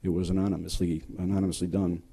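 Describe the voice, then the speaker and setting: A man addresses a school board and reads out survey responses from teachers. His voice is low and very dark and mellow in tone. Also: flat delivery, fast talker, creaky. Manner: reading quoted survey responses aloud. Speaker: public commenter. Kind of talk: public comment at a board meeting.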